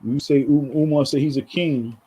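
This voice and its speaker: New york guy ranting to his viewers, real dark husky voice, keeps saying folks. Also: a little high, fairly even intonation, moderate pace, poor audio. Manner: rambling, repeats words, addresses viewers as folks. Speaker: vlogger. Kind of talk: casual commentary monologue.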